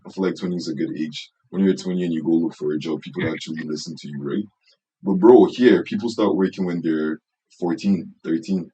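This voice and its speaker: A young man with a Nigerian accent speaks in a deep, husky voice. His talk is casual and slangy, peppered with "bro" and oaths. He chats like an easygoing podcast co-host. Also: steady tone, fairly quick, warm tone, poor audio. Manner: slangy, repeats "bro" and "I swear". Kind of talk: casual chat. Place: Canada, recorded on a call.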